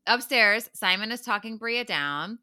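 A woman co-hosting a podcast, recapping a reality show in animated casual chat and laughing often. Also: fairly high pitch, unhurried.

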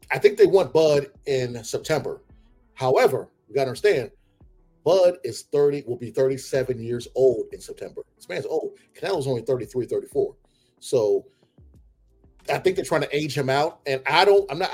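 A man hosting casual sports talk, opinionated and animated, breaking into heated outbursts. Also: mid-range voice, moderate pace, faint music behind. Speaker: combat sports commentator.

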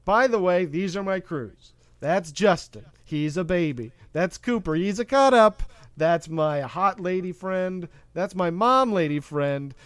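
A man doing a deadpan star-actor impression. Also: high-pitched, unhurried, clear, resonant tone, no room sound. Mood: mock-serious. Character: man doing an impression of a famous actor as a gruff ship captain. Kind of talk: comic movie podcast bit.

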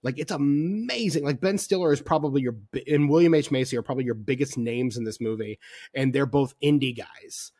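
A man's voice: medium pitch, a little fast, warm tone, breathy edge, dry recording, studio quality. Rambling enthusiastic male podcast host. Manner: enthusiastic, rambling, heavy on "like", swears freely. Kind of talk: casual film discussion.

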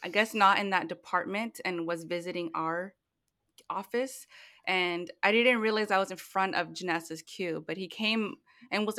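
Bright-voiced woman with deadpan humor. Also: lowish voice, normal speed, no room sound, studio quality. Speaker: podcast guest. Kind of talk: casual conversation.

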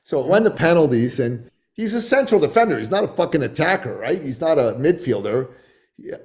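A man in his forties, a podcast guest, telling stories in a loose, animated way with lots of swearing. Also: fairly high pitch, brisk. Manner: profane, animated storytelling. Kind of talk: casual podcast storytelling.

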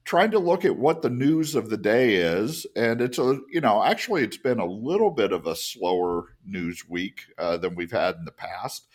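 This is a man co-hosting a podcast in relaxed conversation, with a deep voice. He explains things earnestly and lets his phrases drop lower as he finishes them. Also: normal speed, hardly any pauses. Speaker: podcast co-host. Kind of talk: casual podcast discussion.

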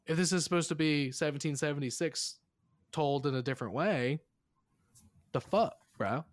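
A man's voice: fairly high pitch, normal speed, dry recording. A man hosting a casual movie review podcast, rambling and filler-heavy, swearing now and then. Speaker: podcast host.

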